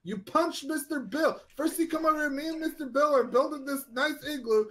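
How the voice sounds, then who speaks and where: Man, high-pitched voice, whiny, defensive, playful role-play banter. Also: brisk, fairly bright tone. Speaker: game role-play player. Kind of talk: improvised game role-play.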